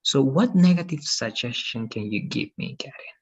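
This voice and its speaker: A man's voice: medium pitch, expressive, moderate pace, slightly rough. A man teaching English in an online lesson, patient and repeating "okay" and "right" often, heard over a video call.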